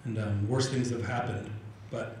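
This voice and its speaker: A man's voice: medium pitch, moderate pace, distant mic, a little hiss or hum. A man from Canada giving a live public talk as an Indigenous organizer, telling stories and acting out the exchanges he describes, often repeating words as he restarts. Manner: animated storyteller acting out quoted exchanges. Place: large event room with audience. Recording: very roomy hall echo, faint ambience.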